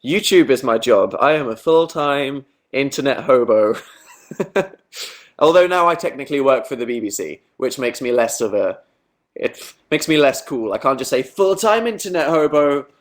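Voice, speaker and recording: A man's voice: medium pitch, normal speed. A young man chatting casually on a livestream, reading out viewer comments with self-mocking asides. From Britain. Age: young adult. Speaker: livestream host.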